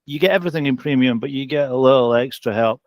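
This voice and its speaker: An upbeat man in a mid-pitched voice co-hosts a casual chat about a coaching community, often turning to his partner by name. His voice sounds dry and close, with no room echo. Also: fast. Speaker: co-host of a coaching community update.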